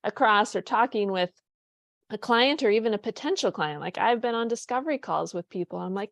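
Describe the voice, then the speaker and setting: A woman's voice: mid-range voice, lively intonation, a little fast, gravelly, a bit bright, no room sound, studio quality. A woman hosting a podcast interview, chatting casually and rambling with many restarts. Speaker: podcast host, dietitian.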